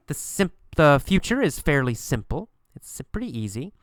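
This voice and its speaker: A man teaching a recorded English lesson, repeating words slowly and encouraging his listeners. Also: medium pitch, expressive, smooth, no room sound, clean studio sound. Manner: slow, repetitive, encouraging.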